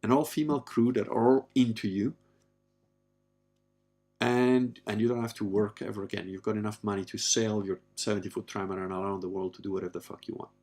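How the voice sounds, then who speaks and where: A man's voice: lowish voice, fairly even intonation, a little fast, darkish tone. A man in his fifties talking candidly in a rambling casual monologue, blunt and given to swearing. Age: 50s. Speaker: podcast host.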